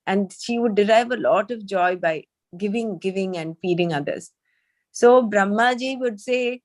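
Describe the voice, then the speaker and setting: A woman leading a study group, reading a text aloud and explaining it with thoughtful pauses. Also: mid-range voice. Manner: measured, thoughtful, with hesitant fillers when speaking freely.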